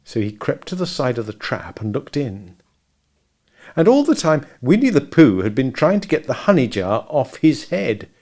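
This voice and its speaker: A man reading a children's storybook aloud in a lively, expressive way. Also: medium pitch, normal speed.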